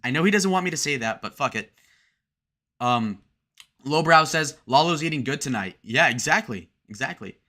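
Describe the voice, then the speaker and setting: A man hosting a livestream, reading chat messages aloud and joking crudely, with sudden loud shout-outs. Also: on the high side, animated, normal speed. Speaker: livestream host.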